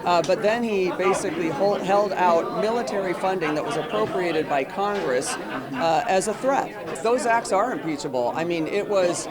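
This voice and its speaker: Firm woman politician over a loud crowd. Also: on the low side, normal speed. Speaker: congresswoman. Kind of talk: interview answers.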